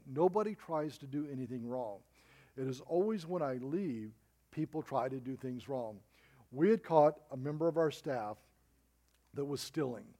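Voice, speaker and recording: A man's voice: mid-range voice, mellow. A middle-aged man preaching a sermon as pastor, telling a story with emphatic rises and drops.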